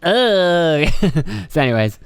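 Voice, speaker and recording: A man's voice: a little high, very animated, slow, vocal fry, clean tone, dry recording. A young man hosting a solo podcast, ranting and swearing, acting out other people's lines in mocking voices. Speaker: podcast host.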